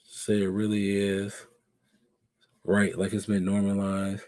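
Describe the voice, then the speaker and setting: A man's voice: on the low side, completely flat delivery, takes it slowly, a little mellow, dry recording, clean studio sound. A man hosting a live stream show, chatting casually and animatedly and asking his viewers questions.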